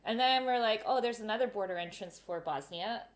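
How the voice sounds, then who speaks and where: A woman hosting a casual live Q&A, telling travel stories with animated acted-out voices. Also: mid-range voice, a little fast. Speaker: travel vlogger, live Q&A host. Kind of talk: casual live-stream storytelling.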